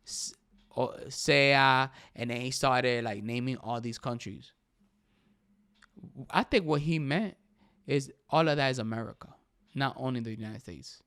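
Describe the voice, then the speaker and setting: Young male podcast host, smooth clear voice, emphatic casual talk. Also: mid-range voice, dry recording. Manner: animated, emphatic, says "bro" often. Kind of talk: casual solo podcast commentary.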